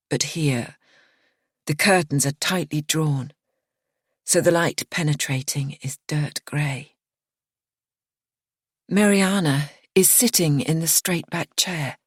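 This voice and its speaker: A woman reading a psychological thriller aloud in the first person, measured and hushed. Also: sits low, slightly rough, dry recording, studio quality. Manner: measured and hushed, dropping to a whisper at tense moments. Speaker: audiobook narrator.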